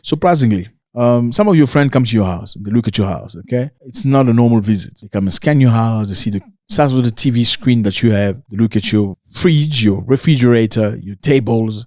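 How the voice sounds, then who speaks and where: A man giving a motivational talk to camera, emphatic, repeating lines for stress and now and then mimicking others in a mocking higher voice. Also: a little mellow, no room sound, studio quality. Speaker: motivational speaker.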